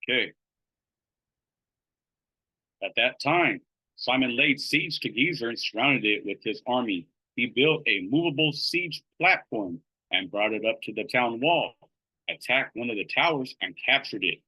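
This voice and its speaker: Heard on a rough recording, a man with a medium-pitched, husky, sharp-toned voice speaks expressively at normal speed. He teaches a casual Bible study, reading scripture aloud, using lots of fillers, and asking "right?" to check in with listeners.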